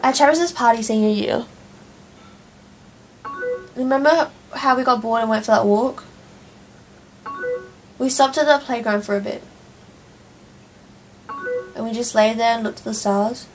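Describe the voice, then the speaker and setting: A young woman talks through a breakup in chat messages, read aloud by a woman gamer. The reading is soft and plain. The voice sits slightly high. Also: measured pace, pauses often, faint music behind, rough recording. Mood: quiet. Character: young woman chatting online after a breakup. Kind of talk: reading in-game chat lines.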